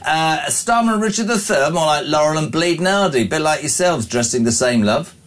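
A chatty man hosting a breakfast radio show, reading out listener messages and teasing his co-host. His voice sits slightly higher than most men's. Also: animated, normal speed, a bit bright. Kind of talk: casual chat reading listener texts.

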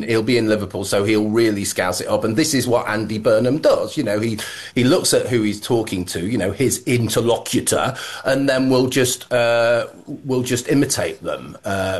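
A man co-hosting a casual political chat, sardonic and mocking, often restarting his sentences. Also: on the low side. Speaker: co-host.

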